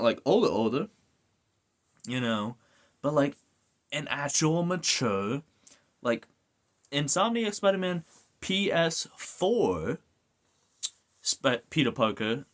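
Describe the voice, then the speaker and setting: A man giving a casual ranting video review, swearing often and going off on tangents. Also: fairly high pitch. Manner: animated, swears a lot, goes off on rants.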